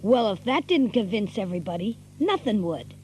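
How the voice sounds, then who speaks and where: A woman's voice: medium pitch, sing-song, normal speed, darkish tone, a little hiss or hum, close to an everyday voice, low-quality recording. A woman voicing a scrappy teenage country boy with a rural Southern US dialect, narrating and acting in a radio play. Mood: wry. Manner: folksy, drawling storyteller.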